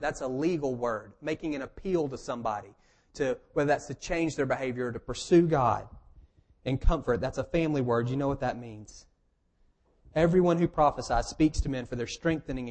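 A man's voice: a little high, a little mellow. Joking preacher, man. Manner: conversational and joking, rising to emphatic. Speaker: pastor. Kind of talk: sermon.

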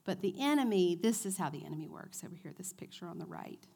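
A woman in her forties giving a church teaching talk to a women's group, chatty and animated, asking her audience questions. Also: on the low side, fast talker, gravelly, husky. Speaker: women's ministry speaker.

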